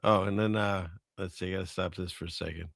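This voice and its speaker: A man's voice: low voice, steady tone, quick pace, creaky, a bit bright, no echo, clean studio sound. A man hosting a casual chat show, rambling through items and chuckling at his own jokes. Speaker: podcast host.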